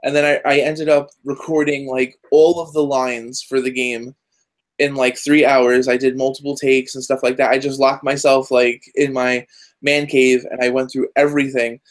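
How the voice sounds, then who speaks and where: A man talking as a guest in a casual interview over a video call, rambling excitedly and dropping lots of fillers. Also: mid-range voice, normal speed. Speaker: guest, journalist and game voice actor.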